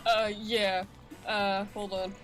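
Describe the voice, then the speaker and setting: A woman's voice: medium pitch, flat delivery, slow pace, a bit bright, soft background music. A tired woman chatting on a call with a game streamer, laid-back and giggly. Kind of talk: casual call chat.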